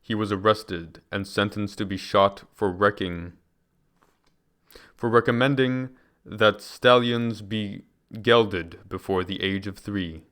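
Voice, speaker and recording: A man reads from a book in a measured, deliberate manner. His voice sits on the low side and rings smooth and full. Now and then he stumbles and starts a phrase again. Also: fairly bright tone. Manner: measured, deliberate reading with occasional restarts. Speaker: reader. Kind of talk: reading a book aloud.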